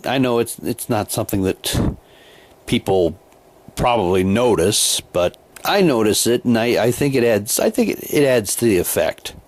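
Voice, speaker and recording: A man tells a casual story in a somewhat low voice. He rambles, restarts sentences and repeats words as he goes. At times his voice sinks lower and softer. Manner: drops to a quieter, lower voice for long stretches. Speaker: haunted house volunteer actor.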